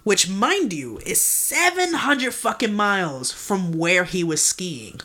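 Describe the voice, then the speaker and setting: A woman's voice: mid-range voice, sing-song, slow, sharp tone. A woman co-hosting a podcast, telling a story in casual slang and swearing constantly. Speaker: podcast co-host.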